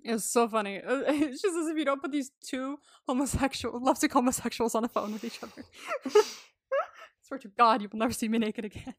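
A woman's voice: on the high side, brisk, dry recording, clean studio sound. A young woman co-hosting a podcast, chatting casually, laughing often and swearing freely as she gushes. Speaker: podcast co-host. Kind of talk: casual chat.

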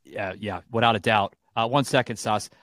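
A man's voice: on the low side, normal speed, a bit bright, dry recording. A man hosting a political talk show, teasing his guests and cutting in to steer the conversation. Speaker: host.

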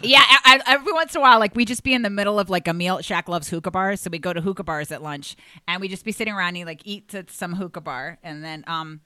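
A young adult woman comedian, a podcast guest, telling animated stories full of laughter and acted-out quotes. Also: on the low side, quick pace, clean tone, no echo. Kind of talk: casual storytelling chat.

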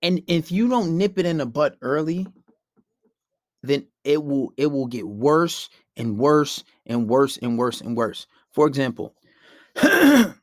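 A man's voice: a little high, no echo, studio quality. A man, giving blunt, profane dating advice in a casual monologue and acting out both sides of arguments.

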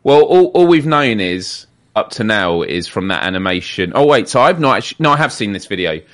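On a live gaming podcast, a co-host with a lowish, fairly bright voice talks a little fast and very animatedly in casual stream chat. He's hesitant, frequently restarting sentences and asking questions to clarify things.

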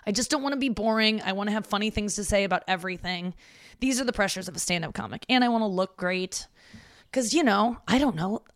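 A stand-up comedian hosts her own podcast from a room in her parents' home, rambling through a casual solo monologue full of self-mockery and frequent swearing. Her mid-range voice moves fast, and the recording is clean studio sound with no room noise.

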